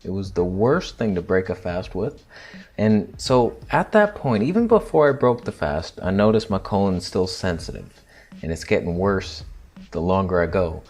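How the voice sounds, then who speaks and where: A young man casually telling a story to camera, crude and joking, dropping into quiet theatrical asides. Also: low-pitched, lively intonation, normal speed. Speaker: vlogger.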